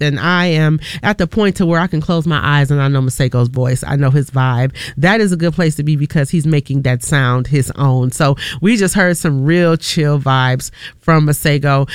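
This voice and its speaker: A woman's voice: on the low side, smooth, no room sound, clean studio sound. A woman radio DJ talking casually between songs, chatty and laid-back, calling her listeners y'all. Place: radio studio.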